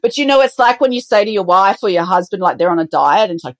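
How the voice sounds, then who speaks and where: A middle-aged woman, a business co-founder, talks fast with few pauses in a medium-pitched voice, recorded dry. During a conversational podcast interview she tells stories with lots of animation, acting out quoted dialogue.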